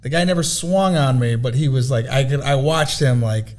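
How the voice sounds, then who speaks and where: A man's voice: mid-range voice, normal speed, darkish tone. A man on a podcast telling loose, profane stories, laughing as he goes. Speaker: podcast guest. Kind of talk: casual podcast storytelling.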